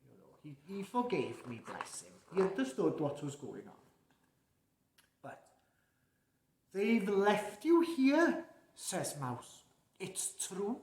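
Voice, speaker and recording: Jolly old Santa Claus, played by a man, reads a storybook to children at a slow, easy pace. He keeps breaking off to chuckle and chat with his young listeners. The voice rings in an echoey room. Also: high-pitched, big pitch swings, a little mellow, full character voice.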